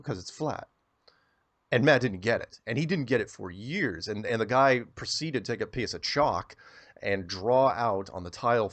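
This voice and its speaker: A man telling a long story as an interview guest, rambling and animated, often repeating words as he starts a sentence. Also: lowish voice.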